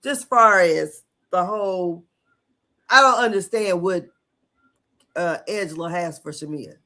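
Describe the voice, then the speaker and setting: A woman's voice: lowish voice, unhurried, pushed and bright. A woman co-hosting a casual podcast chat, blunt and swearing freely. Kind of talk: casual chat about reality TV.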